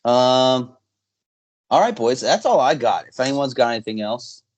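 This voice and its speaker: Very animated but at a normal speed, this young male podcast host has a mid-range voice captured on a muffled recording. He rambles through casual chat, hesitating often, leaning on fillers and letting thoughts trail away.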